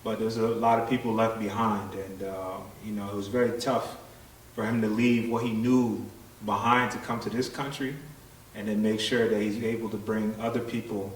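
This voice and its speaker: A man recounting his family's history in a measured way with fillers. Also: lowish voice, flat delivery. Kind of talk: personal recollection. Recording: roomy, distant, faint hiss.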